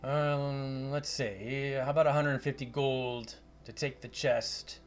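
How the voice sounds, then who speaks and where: Brief: portly swaggering wizard trader, Scottish accent, brisk salesman manner, put on by a man. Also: mid-range voice, fairly even intonation, slight background noise, pitched above the performer's own voice, lightly acted.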